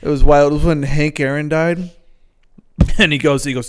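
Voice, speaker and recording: Giggly higher-voiced young man. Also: moderate pace, smooth. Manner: animated, giggly storyteller. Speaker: podcast co-host. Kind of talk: casual comedy podcast chat.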